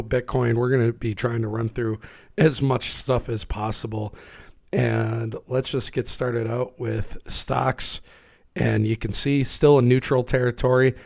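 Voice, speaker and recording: Hoarse, gravelly-voiced sick man. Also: mid-range voice, a little mellow. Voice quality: raspy. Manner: conversational, talks through charts. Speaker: livestream host. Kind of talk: casual market commentary.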